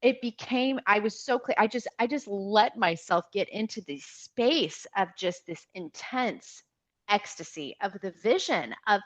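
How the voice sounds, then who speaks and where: A woman, a podcast guest, telling a personal story in an animated, emotional way, often restarting her sentences. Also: medium pitch, a little slow. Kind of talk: personal storytelling in a conversational interview.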